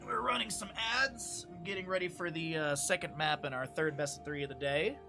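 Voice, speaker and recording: A man's voice: on the high side, brisk, over music. A man casting a game live on stream, casual, upbeat and jokey as he chats with his viewers. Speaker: esports caster and streamer.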